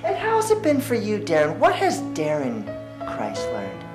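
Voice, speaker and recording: A smarmy TV interviewer who draws out his words slowly. His pitch swoops widely, and the sound is echoey, with faint music behind. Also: huge pitch swings, exaggerated voice. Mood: showy. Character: smarmy male talk show interviewer. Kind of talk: comedic film acting.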